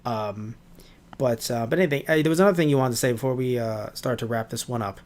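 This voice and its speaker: On a casual podcast, a male co-host with a medium-pitched, slightly mellow voice talks fast. He rambles and hesitates, swearing frequently.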